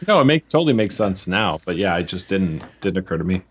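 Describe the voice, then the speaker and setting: Guy co-hosting a podcast, lots of ums while he guesses, kinda low voice, dull audio. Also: very animated, fast talker, a little hiss or hum. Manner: self-deprecating, hesitant with fillers. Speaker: podcast co-host. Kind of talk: casual chat, guessing game.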